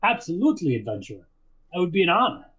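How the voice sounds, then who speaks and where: Eager guard captain, deferential, voice lifted higher, from a man. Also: very animated, fast talker, fairly bright tone, husky, full character voice, rough recording. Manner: polite, deferential. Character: respectful male guard captain, eager to help.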